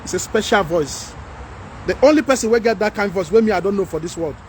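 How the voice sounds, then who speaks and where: A man with a Nigerian accent hosting a livestream, talking to viewers and reading their comments in an animated, pleading way. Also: high-pitched, fast talker, slight background noise. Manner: animated, pleading, mixes in Pidgin. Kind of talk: casual livestream talk.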